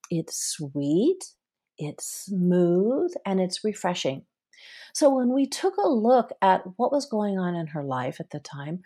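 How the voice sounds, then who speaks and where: Husky woman on a podcast, chatty storyteller, plays out the back-and-forth with clients. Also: mid-range voice, darkish tone. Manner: storytelling, acting out client dialogue, frequent laughs. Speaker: therapist guest. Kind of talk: conversational podcast interview.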